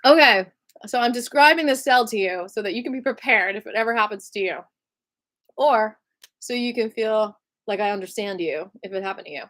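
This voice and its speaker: A woman telling a story in a casual storytime vlog, chatty and animated, laughing often and using lots of fillers. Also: mid-range voice, fairly quick. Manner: animated retelling with many fillers. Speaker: vlogger.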